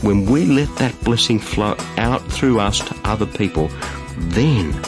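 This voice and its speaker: A man preaching a sermon in an emphatic, animated way, repeating phrases for stress. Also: lowish voice, unhurried, over music. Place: studio.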